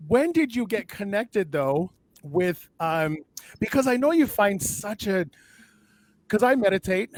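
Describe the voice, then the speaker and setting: Chatty, higher-voiced middle-aged man. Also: no room sound. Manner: chatty and effusive, repeats himself warmly. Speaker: interview host. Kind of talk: casual interview talk.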